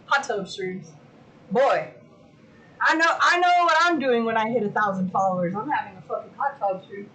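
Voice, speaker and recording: A woman hosts a casual livestream from her home, chatting to her viewers in a loose, excitable way. She swears freely. Her voice sits high and sounds bright and forward. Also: normal speed, slight background noise, poor audio. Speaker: livestream host.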